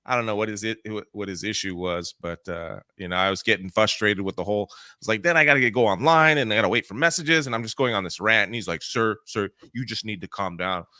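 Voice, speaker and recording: A man with a very deep voice co-hosts a casual podcast and tells stories with profane, ranting frustration. His tone is bright and smooth, and the sound is close and dry. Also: quick pace, hardly any pauses, no room sound. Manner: profane storytelling with ranting asides. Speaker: podcast co-host. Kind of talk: casual chat.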